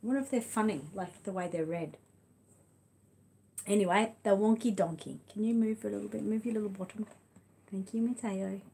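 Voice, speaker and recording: An Australian woman hosting her channel, chatting casually to viewers and a child, then reading a storybook aloud with lively sound effects, in a home room. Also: medium pitch, a little fast, gravelly, pauses often. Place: home room with lights dimmed.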